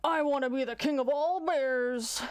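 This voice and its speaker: A woman doing a loud pushy bear. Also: high voice, normal speed, pitched above the performer's own voice, close to an everyday voice. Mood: demanding. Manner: bossy, boastful.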